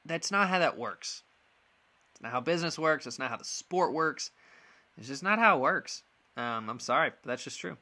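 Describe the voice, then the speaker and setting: Young male sports podcast host, bright voice, blunt and frustrated, loose casual delivery. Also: a little high, expressive, moderate pace. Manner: frank, frustrated, many ums and restarts. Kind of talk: casual opinion monologue.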